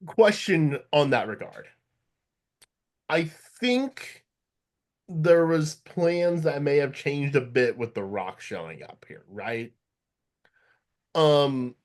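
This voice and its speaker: Male podcast host; unhurried, hedging, full of ums, casual. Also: mid-range voice. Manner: hedging, thinking aloud with many fillers. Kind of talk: casual chat.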